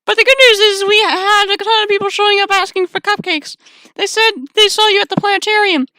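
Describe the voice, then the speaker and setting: A woman voicing a bubbly, high-voiced woman boss in a dating game. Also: steady tone, brisk, sharp tone, no echo. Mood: cheery.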